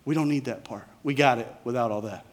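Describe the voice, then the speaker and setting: A man's voice: medium pitch, brisk, lightly acted. Bossy man disciple in a pulpit retelling, pushy and casual, played by the preacher himself. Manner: pushy, casual modern talk. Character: bossy adult male disciple scolding his teacher.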